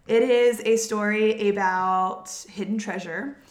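A woman's voice: medium pitch, steady tone, slow pace. A woman with a Southern US accent hosting a podcast, telling a story in a chatty, giggly way and stumbling over names. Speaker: podcast host. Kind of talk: casual storytelling chat. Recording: echoey room.

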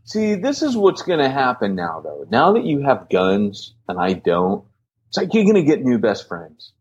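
A man co-hosting a podcast in casual banter, teasing his partner and cracking quick jokes. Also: mid-range voice, huge pitch swings, slightly rough, dull audio. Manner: teasing, playful, quick to joke. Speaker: podcast co-host.

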